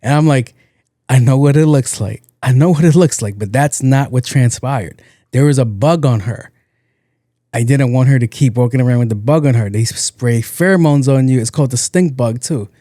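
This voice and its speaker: A young man hosting a podcast, telling a story in a loose, animated way, acting out the people in it and laughing along. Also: medium pitch, normal speed, no room sound, clean studio sound. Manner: animated, acts out quotes, laughs at own story. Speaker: podcast host. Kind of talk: casual comedic storytelling.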